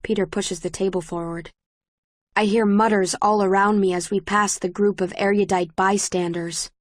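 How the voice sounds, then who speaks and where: A woman reading a first-person story as an audiobook narrator, in a measured storytelling manner. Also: mid-range voice, steady tone, dry recording, studio quality. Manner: measured, present-tense storytelling.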